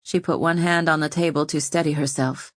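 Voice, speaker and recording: A woman narrating an audiobook in an even, measured reading style. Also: low voice, dry recording, studio quality. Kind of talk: scripted narration.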